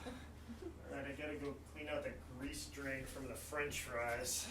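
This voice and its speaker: A man's voice: medium pitch, level tone, measured pace, heavy background noise, lightly acted. A man playing a fussy old roller-rink janitor with a bad hip, in a put-on Southern drawl that keeps slipping. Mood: grumbling. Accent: put-on American Southern. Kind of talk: live improv comedy. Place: theater stage. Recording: echoey live stage, distant mic.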